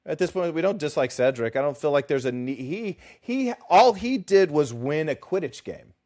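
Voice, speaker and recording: A man co-hosting a casual book discussion podcast, animated and emphatic, often repeating words when he gets worked up. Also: fairly high pitch, normal speed. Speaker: podcast co-host.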